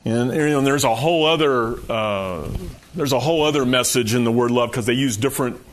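A man's voice: mid-range voice, a little fast. Folksy man preaching a casual sermon. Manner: conversational, folksy, with frequent "you know" and chuckles. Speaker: pastor.

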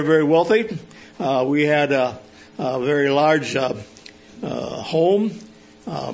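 An older man from Arizona, a police chaplain, preaching a sermon at a church service with personal stories, pausing often with fillers and restarts. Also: on the high side. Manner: halting, many filler sounds and restarts. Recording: dull lo-fi recording.

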